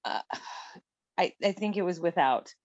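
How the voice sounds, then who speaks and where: A middle-aged woman telling a story in casual chat, animated and laughing often. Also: lowish voice, unhurried, no echo, lo-fi sound. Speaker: guest.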